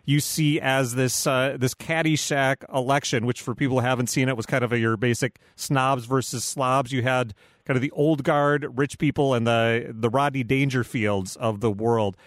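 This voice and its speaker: A man's voice: medium pitch, fairly even intonation, normal speed, no room sound, studio quality. A man hosting a radio talk show, asking long conversational questions with frequent hesitations. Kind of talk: radio interview.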